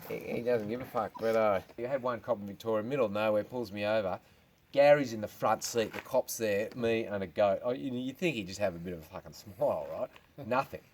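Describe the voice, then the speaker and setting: A man's voice: on the low side, a little fast, darkish tone. A male stand-up comedian with an Australian accent, telling crude jokes and swearing stories to a small crowd at a farm party. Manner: crude, laid-back, swearing storyteller. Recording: crowd noise behind. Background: crowd laughing.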